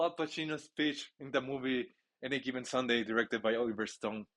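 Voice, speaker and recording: Excitable rambling man narrating his gameplay. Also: mid-range voice, fairly quick, few pauses. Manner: excitable, rambling, with frequent restarts. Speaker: gamer playing a football video game.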